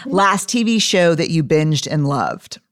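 A woman hosting an interview podcast, upbeat and casual, steering the guest through rapid-fire questions and swearing now and then. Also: low-pitched, expressive, no room sound, clean studio sound. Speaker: podcast host. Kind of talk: conversational interview.

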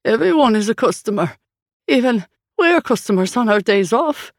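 A woman narrator voicing a burly young male busboy, worn out, his voice high and shaking with sobs. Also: animated, normal speed, no room sound, studio quality. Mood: confused.

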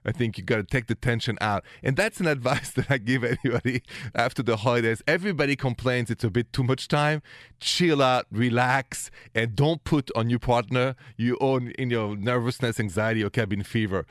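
A middle-aged man with a French accent hosting a call-in advice show, chatty and quick to laugh. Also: medium pitch, no echo, studio quality. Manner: lively, laughs often, chatty storytelling. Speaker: radio advice show host. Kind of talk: call-in radio talk.

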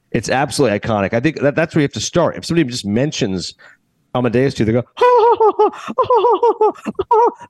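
This podcast host, a man with a medium-pitched voice, chats casually about a movie in an animated way, acting out the characters' lines. The recording has no echo.

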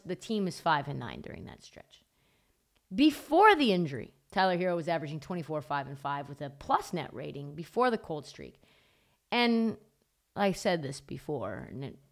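A woman hosting a sports talk podcast, delivering an emphatic, gleefully mocking monologue in short punchy bursts. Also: on the low side. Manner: punchy repeated short phrases. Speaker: podcast host.

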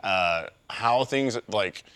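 A man co-hosting a casual group chat podcast, telling animated stories and swooping into high squeaky voices when quoting people. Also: extremely slow, clear, resonant tone. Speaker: podcast co-host.

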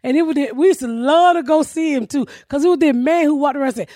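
A woman's voice: high-pitched, fast, hardly any pauses, mellow, no room sound, studio quality. A woman with a Georgia Southern accent hosting a podcast, telling stories bluntly and profanely and laughing often. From Georgia, USA. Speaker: podcast host. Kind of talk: casual comedic storytelling.

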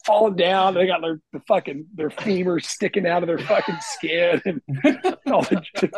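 A middle-aged man, a guest guitarist, telling stories in casual podcast chat with lots of swearing and animated emphasis. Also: high voice, moderate pace, noisy background. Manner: profane, animated storyteller. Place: lives in Nashville.

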